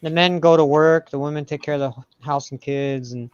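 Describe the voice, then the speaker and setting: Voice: medium pitch, steady tone, a little fast, smooth, dry recording, highs cut off. A livestream participant chatting casually, agreeable and chiming in often. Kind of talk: casual chat.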